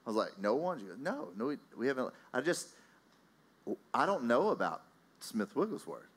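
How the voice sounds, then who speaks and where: A man preaching in a conversational storytelling style, his pitch swinging widely as he recounts events. He talks loosely, with many fillers and self-corrections, like a pastor chatting from the pulpit. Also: moderate pace. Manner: animated, anecdotal, many fillers and restarts. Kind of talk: sermon storytelling.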